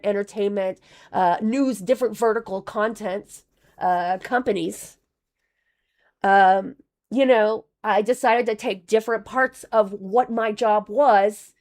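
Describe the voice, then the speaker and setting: A woman live-streaming casual commentary, reading out donations in a rambling, profane way, with her voice wearing thin. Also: fairly high pitch. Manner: rambling, profane, with many restarts. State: losing her voice.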